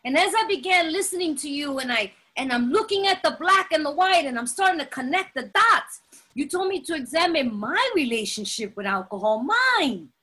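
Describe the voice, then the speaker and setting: A woman giving an animated, dramatic personal testimony at a recovery meeting, laughing often as she talks. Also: high-pitched, fairly quick. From Latin American heritage. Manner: animated, emphatic, dramatic storytelling; laughs often while talking.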